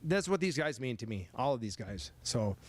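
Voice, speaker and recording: A man in his forties, a head football coach giving a banquet speech, talking in halting, stammering repeats and getting emotional at times. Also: medium pitch, sing-song, slightly rough, dry recording. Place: banquet hall, indoors.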